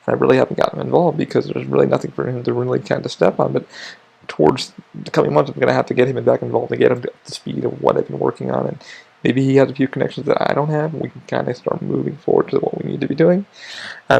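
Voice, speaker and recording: A podcast host rambles through a casual monologue at a rapid clip. His voice is heavily gravelly with a husky, raspy edge. He swears freely and keeps restarting his sentences. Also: mid-range voice, a little mellow.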